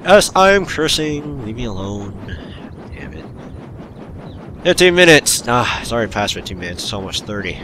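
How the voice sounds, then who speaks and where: A man's voice: medium pitch, sing-song, normal speed, noisy background. Exasperated man ranting over gameplay. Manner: exasperated, ranting and grumbling at the game. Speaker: gaming channel host. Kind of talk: uncut gameplay commentary.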